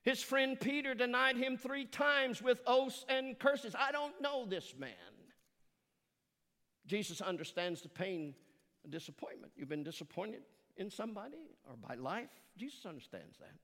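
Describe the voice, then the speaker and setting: An older man delivers a sermon in a high, bright voice. He preaches earnestly, stretching key words with dramatic pauses and now and then correcting himself. His voice carries a long reverb, as in a large sanctuary. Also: animated. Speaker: pastor.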